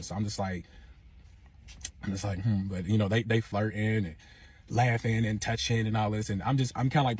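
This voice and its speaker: A man's voice: lowish voice, breathy edge. A young man, casually telling a personal story, acting out the other people's lines and swearing a lot. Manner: animated, acts out quoted voices, slangy, swears a lot. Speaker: storytime podcast host.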